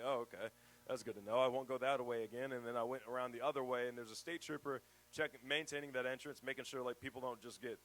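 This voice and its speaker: A man giving a casual storytelling talk to a live audience at a festival. He talks in a chatty, animated way, laughs often and uses lots of fillers. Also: medium pitch. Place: event venue before an audience.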